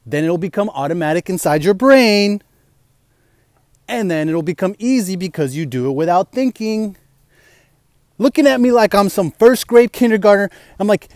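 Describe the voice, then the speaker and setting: A young man with a fairly high voice, chatting casually as a fitness vlogger. He rambles and leans on slang, saying "you know" and "bro" over and over. The recording is close and dry. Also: expressive, moderate pace, darkish tone, no echo. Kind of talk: casual chat.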